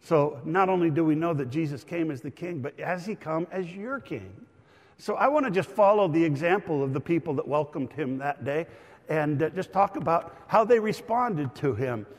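Animated preacher man in a reverberant hall. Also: on the high side, moderate pace. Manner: animated, shouts for emphasis, teaching aside. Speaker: pastor. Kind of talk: sermon.

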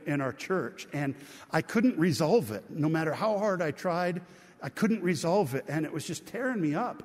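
A middle-aged man preaches from a church sanctuary, his voice sitting a little high for a man. He keeps it conversational, often checking in with the people listening. A long reverb from the hall hangs after each phrase. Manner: conversational, calls out to the congregation. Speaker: pastor. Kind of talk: sermon.

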